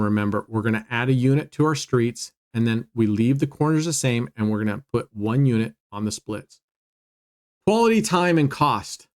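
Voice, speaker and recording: Chatty man hosting a roulette stream. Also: mid-range voice. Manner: chatty, cheers and laughs at wins. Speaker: casino strategy channel host. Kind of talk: casual gambling walkthrough. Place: at home.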